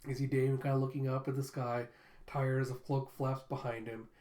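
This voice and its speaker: A manga reviewer casually retelling chapters in a relaxed, chatty way. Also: mid-range voice, a little fast. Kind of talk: casual reaction recap. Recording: roomy echo.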